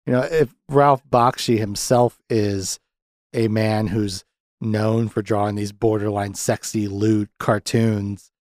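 A man hosting a casual podcast film review, animated, often jumping into high-pitched voices to act out characters' lines and laughing a lot. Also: slow pace, dry recording, clean studio sound. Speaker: podcast host.

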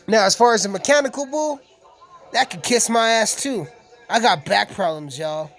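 A man's voice: sits high, sing-song, unhurried, vocal fry, pauses often, a bit bright. A man giving a casual, profane, rambling reaction commentary on a film, joking with viewers. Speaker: video commentator.

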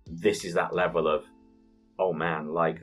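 Brief: man, 30s, husky and low-pitched, animated sweary storyteller on a casual gaming podcast, faint music underneath. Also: measured pace. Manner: animated storytelling, swears freely, laughs often.

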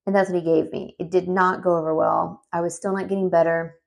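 A woman's voice: lowish voice, brisk, gravelly. A woman in her thirties telling a personal story in a chatty, rambling way with lots of fillers. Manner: chatty and animated, many fillers, rambling asides.

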